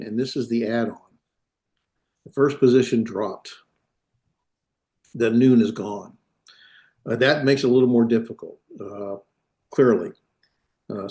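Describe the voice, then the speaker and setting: A man teaching a class, talking in a halting way with many fillers and self-corrections. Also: medium pitch, a little mellow. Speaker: instructor. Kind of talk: classroom lecture.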